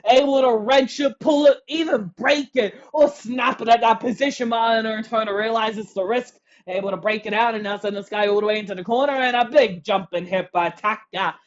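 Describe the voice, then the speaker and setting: Calling every move at a fairly quick clip with hardly any pauses, this mid-pitched wrestling commentator breaks into shouts at each big hit. It's excitable play-by-play, captured on dull, lo-fi audio.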